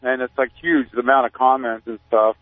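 A male activist guest on a radio show, talking in a rambling, deadpan way with many fillers. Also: medium pitch, brisk. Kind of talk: casual radio interview. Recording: tinny phone line.

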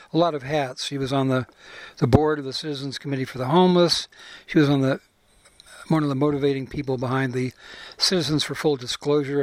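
An older man hosting a radio show, casually introducing old archived episodes with lots of pauses, fillers and restarts. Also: mid-range voice, no echo. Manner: rambling, many fillers and restarts.

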